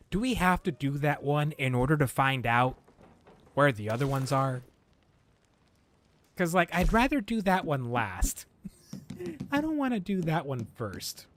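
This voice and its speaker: A man streaming a video game, chatting casually in an animated way, often chuckling and reading in-game text aloud. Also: on the high side. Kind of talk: casual gameplay commentary.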